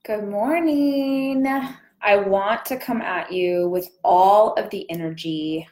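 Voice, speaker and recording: A woman's voice: mid-range voice, takes it slowly, darkish tone, echoey room. A young woman hosting a casual morning live stream, chatting through a cold sore with her lips barely opening. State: cold sore, speaking with a small mouth.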